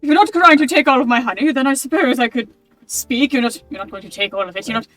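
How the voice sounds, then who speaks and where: A woman voicing an eccentric, possessive experimenter who hoards honey in a tabletop game, suspicious and hurried. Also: sits high, fairly bright tone, no echo, soft background music. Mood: wary.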